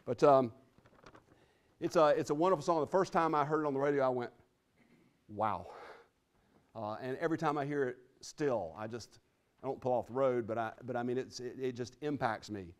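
A middle-aged man giving a motivational speech at a conference, talking quickly and often repeating or restarting his words. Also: mid-range voice. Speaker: conference speaker. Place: conference hall.

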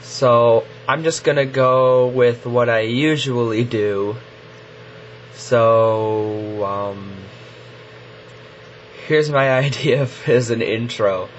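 A teenage boy vlogging casually to his webcam, rambling and halting with lots of fillers. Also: mid-range voice, steady tone. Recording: dull lo-fi webcam audio with faint hiss.

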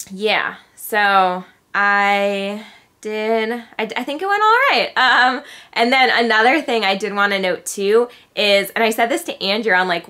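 A woman's voice: mid-range voice, pushed and bright. A young adult woman chatting casually to camera in a vlog, talking freely and filling her sentences with little filler words. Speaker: vlogger.

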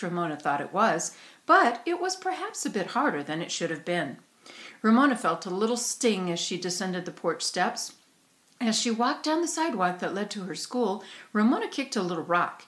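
Woman reading a children's story aloud. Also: mid-range voice. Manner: expressive storytelling. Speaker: narrator. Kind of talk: audiobook reading. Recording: roomy echo.

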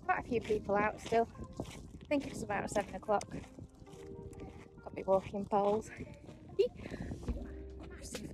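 A woman's voice: mid-range voice, unhurried, pauses often, noisy background. A young woman chats and narrates as she hikes solo over rocky moorland to wild camp, joking about herself and laughing often. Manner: chatty, self-deprecating, laughs often. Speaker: solo wild camping vlogger. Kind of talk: casual outdoor vlog narration. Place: outdoors on rocky moorland hills. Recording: loud background music.

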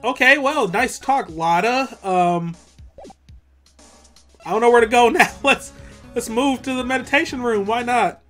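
A woman's voice: on the high side, a little slow, pauses often, fairly bright tone, soft background music. A woman giving casual, rambling, giggly commentary as a let's play host. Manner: giggly, rambling, self-amused.

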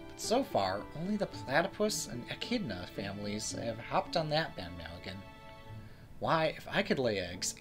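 A man voicing a quirky, musing hospital worker. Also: medium pitch. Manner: musing, conversational. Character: chatty, quirky hospital staff member.

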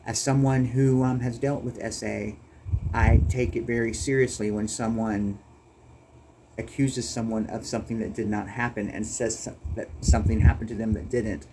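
Man, vlog commentary rant, emphatic, fired up, mid pitch, faint hiss. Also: fairly even intonation, normal speed, mellow, low-quality recording. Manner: heated, emphatic, repeats words when worked up. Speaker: YouTuber.

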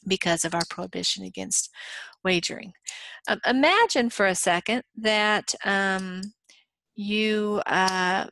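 A woman's voice: fairly low pitch, fairly bright tone, no echo. Middle-aged woman from Texas, college instructor, chatty and playful lecturer, dry room. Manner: chatty, playful, many fillers. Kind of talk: recorded lecture.

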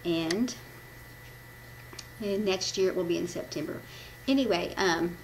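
A Midwestern American woman gives a casual church devotion, reading from notes, rambling, often stumbling, and laughing as she corrects her own slips. Her voice is lowish, and the low-quality recording carries slight background noise.

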